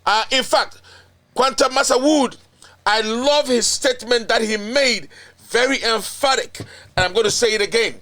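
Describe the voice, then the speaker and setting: A man's voice: extremely high pitch, normal speed, sharp tone. A Ghanaian man hosting a political commentary show, talking in an indignant, emphatic way. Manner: indignant, emphatic, mixes in local-language chants and repetition.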